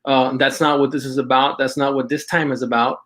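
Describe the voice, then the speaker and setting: A middle-aged man talks casually on a livestream, his voice sitting at an ordinary middle pitch. He rambles and stops to restart his sentences as he goes. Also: little pitch movement, fairly bright tone. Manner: rambling, halting, full of restarts and fillers. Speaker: host of an outdoors apparel and magazine show. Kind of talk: casual livestream talk with shout-outs.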